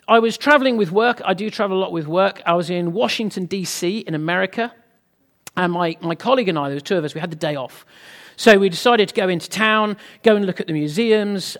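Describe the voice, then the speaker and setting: A man's voice: sits high, gravelly, a bit bright. A British man preaching a sermon, telling a humorous personal story to the congregation in a chatty way. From Britain. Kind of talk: sermon with anecdote.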